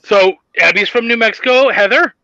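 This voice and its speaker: Man, host, casual chat, quite high voice, dull muffled sound. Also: normal speed, pushed and bright, no echo. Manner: laughs often, retells stories in funny voices. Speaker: podcast host.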